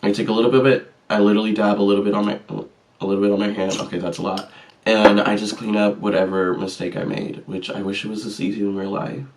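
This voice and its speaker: A vlogger with a lowish, level-toned voice talks fast, sitting far from the mic. He chats casually and sassily through a makeup tutorial, cracking jokes about his own mistakes in a chatty, self-deprecating way.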